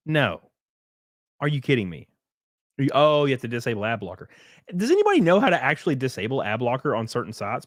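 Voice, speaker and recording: A man's voice: medium pitch, no room sound, studio quality. A man hosting a casual livestream, reading viewer comments and joking around with a rambling, swearing manner. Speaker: livestream host and race car driver.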